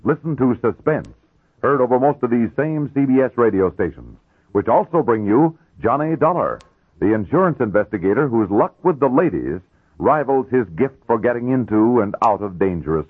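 A man's voice: mid-range voice, breathy edge, no room sound. A man reading a scripted promo announcement with a polished, emphatic delivery. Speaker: radio announcer. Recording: dry, tinny old radio broadcast.

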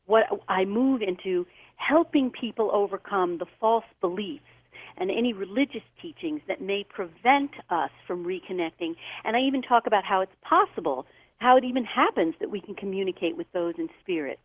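A woman, a guest on the show, telling a personal story in an animated way and acting out the voices of the people she quotes. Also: medium pitch, dry recording. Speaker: guest author. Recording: tinny phone line.

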